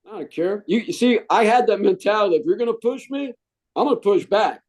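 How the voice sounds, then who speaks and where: A middle-aged man, a Marine veteran, telling stories in a casual interview, animated and jokey and saying "man" a lot. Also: high voice, brisk, rough recording.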